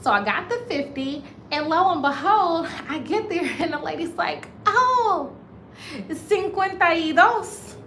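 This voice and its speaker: An American woman vlogging, telling a story to her viewers in a casual, animated way and calling them y'all. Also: high-pitched, normal speed, gravelly, hardly any pauses, slight background noise. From United States. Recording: roomy echo, faint ambience.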